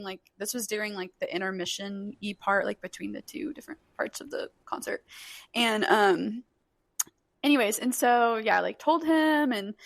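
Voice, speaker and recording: A young woman co-hosts a podcast, telling stories in casual chat peppered with lots of fillers. Her voice is mid-range, with no echo.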